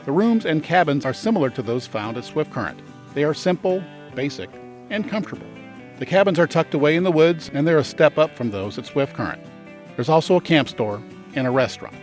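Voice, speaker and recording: A man's voice: fairly high pitch, lively intonation, a little fast, soft background music. A man hosting a travel guide, giving scripted narration with dry, sarcastic asides.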